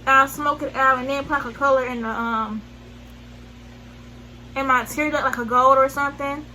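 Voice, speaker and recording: A woman's voice: sits high, fairly even intonation, moderate pace, sharp tone, slight background noise, rough recording. A woman with a Southern US accent talking through a makeup tutorial in a chatty, rambling way, full of slang and self-corrections. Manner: chatty, rambling, slangy, loses track mid-sentence. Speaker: beauty vlogger.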